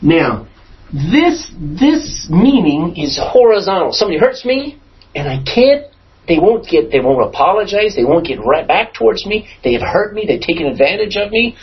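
A man's voice: sits high, moderate pace. A man teaching a Bible class as pastor, asking the class questions and stressing points in a conversational way. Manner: asks the class questions, lively emphatic delivery. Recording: dull lo-fi recording.

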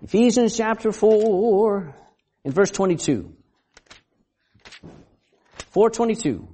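Animated pastor with a lively, swinging voice. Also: male voice, high-pitched, slow pace, husky. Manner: animated, asks the congregation questions; acts out quoted voices and laughs often. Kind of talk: sermon.

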